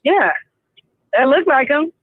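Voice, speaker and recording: A woman's voice: sits high, expressive, slow pace, no echo. A woman calling in to a livestream, talking bluntly and emphatically. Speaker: caller. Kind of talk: casual call-in chat. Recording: phone line.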